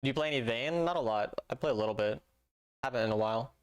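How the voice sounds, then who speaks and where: A man's voice: mid-range voice, fast talker, clean tone. A young man chatting casually with his viewers while playing a game live, reading chat aloud and joking dryly. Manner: laid-back, reads chat aloud, dry joking. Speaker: streamer. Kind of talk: casual gaming stream chat.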